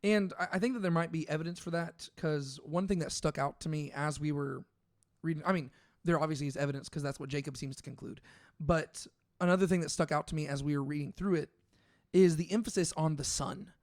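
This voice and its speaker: Brisk and slightly higher-pitched than the typical male voice, this man co-hosts a casual scripture podcast, thinking aloud with lots of fillers and restarts as he corrects himself. The recording is close and dry, with no echo.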